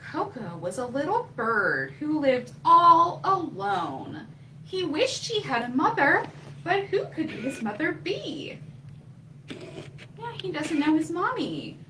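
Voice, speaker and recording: A woman's voice: high-pitched, very animated, sharp tone, recorded from a distance, low-quality recording. A woman librarian leading a children's story time, reading aloud in an encouraging way. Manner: slow, sing-song, encouraging. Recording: faint room noise, voice from off-mic.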